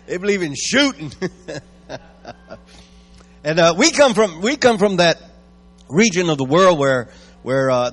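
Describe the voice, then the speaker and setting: A Cajun man preaching as a guest, his voice riding high and swinging lively. He spins folksy stories and laughs along with them. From Houma, Louisiana. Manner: folksy storyteller, chuckles at his own jokes. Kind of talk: sermon with folksy joke-telling.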